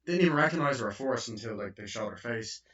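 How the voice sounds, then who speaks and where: A man's voice: medium pitch, expressive, fast, fairly bright tone. A man giving a casual, rambling spoken film review, full of fillers and swearing. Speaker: movie reviewer. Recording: dull lo-fi recording.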